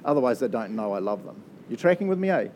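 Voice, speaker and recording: A man's voice: medium pitch, sing-song, fast talker, darkish tone, slight background noise. A man with a New Zealand accent preaching a casual, conversational sermon, chatty and joking, often laughing at his own asides. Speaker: pastor.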